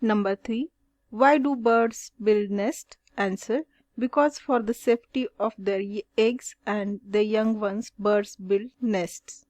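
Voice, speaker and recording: Slow, dry-voiced woman teacher. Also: medium pitch, steady tone, darkish tone, no room sound. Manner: slow, deliberate question-and-answer reading. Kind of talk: reading out solved exercise answers.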